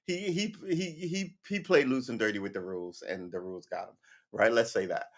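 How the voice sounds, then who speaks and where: A man's voice: fairly low pitch, brisk. Heated, swearing man ranting on a livestream. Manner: heated and emphatic, often swearing; keeps asking "right?" and laughs between points. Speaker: livestream host. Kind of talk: casual livestream rant.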